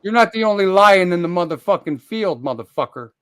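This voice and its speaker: A man hosting his own live stream, ranting heatedly, full of profanity, rambling with restarts and sudden loud outbursts as he calls people out. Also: high-pitched, animated, brisk, smooth, no echo.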